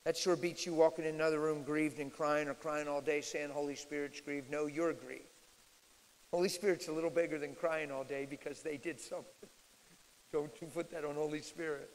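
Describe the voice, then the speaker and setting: A man's voice: fairly high pitch, fairly even intonation, a little fast, slight background noise. Guest preacher, male, blunt and emphatic, live Q&A in a reverberant church hall. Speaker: guest speaker. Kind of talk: live Q&A teaching. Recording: echoey hall.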